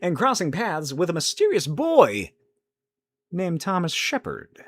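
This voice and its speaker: A man's voice: a little high, huge pitch swings, unhurried, dry recording. A young man hosting a casual solo podcast, thinking aloud, rambling and swearing casually as he answers chat questions. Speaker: podcast host.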